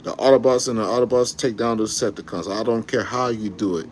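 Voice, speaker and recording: A man giving a casual, slangy fan rant to camera, excitable and rambling, often correcting himself mid-sentence. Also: fairly low pitch, quick pace, background noise. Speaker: YouTube commentator.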